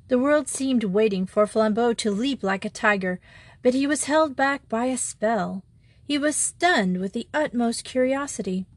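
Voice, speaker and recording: A woman narrating an audiobook of a classic story in a measured, even way. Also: on the high side, no echo.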